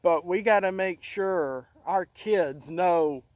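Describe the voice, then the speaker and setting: A middle-aged man hosting a casual monologue, talking in an earnest, halting way with many restarts. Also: sits high, no echo, poor audio. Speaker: channel host.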